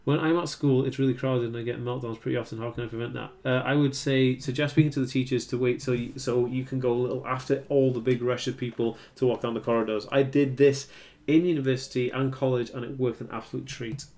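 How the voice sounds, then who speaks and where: Young man, North Welsh accent, casual livestream host, reads out chat comments, chatty with ums and restarts, mid-pitched voice. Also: fairly even intonation, quick pace, darkish tone. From Wales. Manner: reads viewer comments aloud and answers them, chatty with fillers and restarts.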